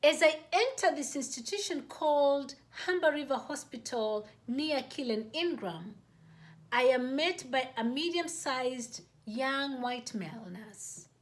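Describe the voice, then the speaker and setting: A woman host reading her own personal story aloud, in a measured, deliberate way. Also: sits high, animated.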